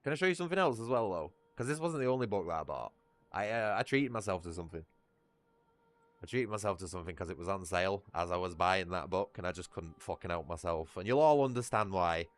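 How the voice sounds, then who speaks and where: A man's voice: low-pitched, animated, fast, no room sound. A man with a northern Lancashire accent chatting casually on a livestream, rambling, swearing freely and laughing at himself. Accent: northern English, Lancashire.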